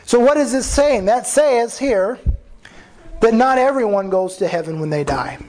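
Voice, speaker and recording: A man with a notably high voice delivers a sermon as a pastor. He speaks earnestly and conversationally, restarting phrases and voicing the words of others as he explains scripture. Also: animated, moderate pace, darkish tone, poor audio. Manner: earnest preaching with restarts and quoted dialogue.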